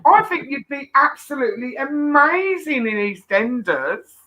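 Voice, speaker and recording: A woman with a Birmingham accent hosts a chat in a bright, sharp voice set a little high. Her pitch swoops about animatedly as she gushes over her guest. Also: measured pace. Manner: animated, effusive, enthusiastic interviewer. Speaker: host. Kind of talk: casual interview chat.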